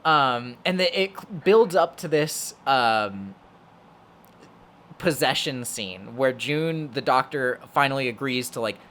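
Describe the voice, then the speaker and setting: A young man co-hosts a podcast, rambling casually about a horror movie with lots of fillers and swearing. His voice is medium in pitch and a bit bright, with lively intonation and a slow delivery.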